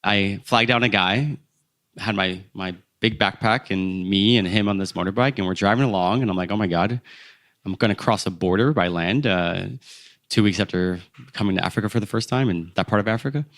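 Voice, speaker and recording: Animated man telling travel stories. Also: on the low side, a little fast. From Philadelphia, USA. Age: 30s. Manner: animated storyteller who acts out the people in his tale, laughing at himself. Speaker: podcast guest. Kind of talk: travel storytelling in an interview.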